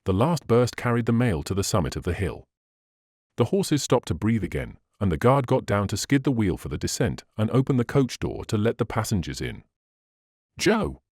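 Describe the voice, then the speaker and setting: A man narrating a classic novel as an audiobook, in a measured, expressive reading. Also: fairly low pitch, no room sound, clean studio sound.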